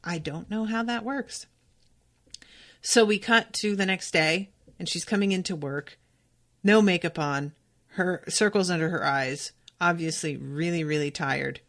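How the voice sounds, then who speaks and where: A woman hosts a casual podcast and recaps a TV episode with animated emphasis. Her voice sits a little low, and she swears freely and speaks straight to her listeners. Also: unhurried. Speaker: podcast host.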